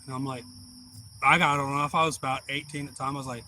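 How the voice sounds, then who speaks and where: Man, bright and forceful, loose folksy storyteller who cusses casually. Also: medium pitch, fairly even intonation, quick pace, a little hiss or hum, low-quality recording. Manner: rambling, folksy, swears freely. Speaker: livestream host.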